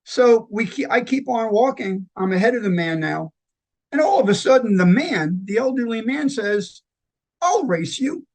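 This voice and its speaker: A man who founded a nonprofit tells personal stories in an interview, halting with fillers and restarts and acting out the quoted lines. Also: sits high. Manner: lively anecdotal storyteller who acts out quoted lines. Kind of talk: conversational interview storytelling.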